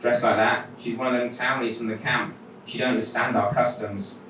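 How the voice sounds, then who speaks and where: A man's voice: medium pitch, flat delivery, moderate pace, natural voice. A man doing a scornful rural villager. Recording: echoey hall, mic from far off, noisy.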